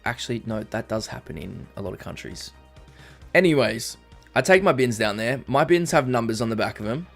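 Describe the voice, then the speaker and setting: Aussie guy streaming, rambly and casual, medium voice, soft music in the back. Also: medium pitch, very animated, brisk, gravelly. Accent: Australian. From Australia. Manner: rambling, reads chat aloud, frequent ums. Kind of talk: casual live-stream chat. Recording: faint background music.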